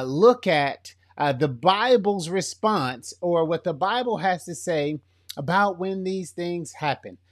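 Man, Florida country accent, middle-aged, podcast host, slightly high voice, chatty and upbeat, lots of fillers. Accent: Florida, slightly country Southern. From Florida, USA. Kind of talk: casual faith podcast talk.

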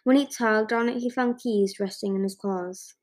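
A woman reading a fantasy novel aloud, expressive, with occasional stumbles and restarts. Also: on the high side, moderate pace. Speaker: amateur audiobook reader. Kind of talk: storybook reading.

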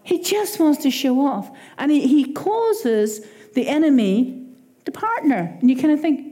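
Irish woman preacher, higher-pitched, warm mellow voice, chatty sermon delivery. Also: unhurried, hardly any pauses. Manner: animated, conversational preaching with quoted asides.

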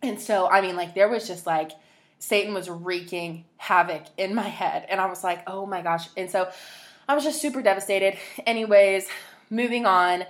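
A woman's voice: mid-range voice, moderate pace. A young woman hosting a podcast, telling a personal story in a rambling, emotional way, full of "like" and restarts. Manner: rambling, emotional, heavy use of "like". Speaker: podcast host.

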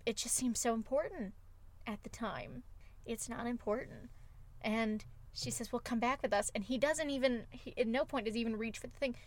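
A woman's voice: a little high, moderate pace. A woman co-hosting a podcast, retelling film scenes with emotive enthusiasm in casual chat. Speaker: podcast co-host.

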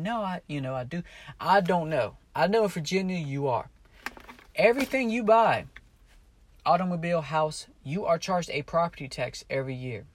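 A man from Maryland talking casually to camera while driving his car, meandering and correcting himself as he goes. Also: mid-range voice. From Maryland, USA. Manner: chatty, meandering, self-correcting, apologizes for cussing. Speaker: vlogger. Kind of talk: casual rambling monologue.

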